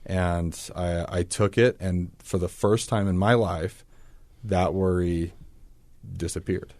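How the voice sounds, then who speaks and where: A man's voice: sits low, fairly even intonation, takes it slowly, a little mellow, no room sound. A man as a podcast guest, telling his personal story in an earnest, reflective way.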